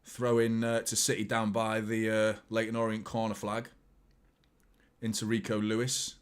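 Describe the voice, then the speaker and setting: A man hosts a football watchalong, chatting casually and reacting live as the game unfolds, swinging from excited outbursts to low muttered asides. His delivery is smooth and moderately paced, and the talk is live match commentary mixed with chat.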